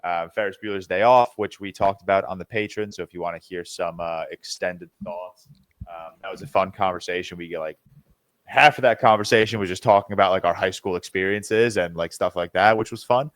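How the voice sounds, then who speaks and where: A man's voice: low-pitched, brisk, a bit bright, no room sound. A young man co-hosting a podcast, talking casually in a rambling way, full of ums and restarts. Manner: rambling, filler-heavy, restarts often. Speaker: podcast co-host. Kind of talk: casual chat.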